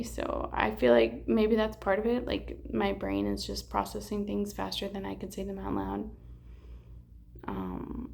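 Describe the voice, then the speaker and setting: Tired young woman, gravelly rambling chat. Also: mid-range voice, a little mellow. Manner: rambling, candid, swears, many fillers and restarts. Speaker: vlogger. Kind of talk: casual chat to camera.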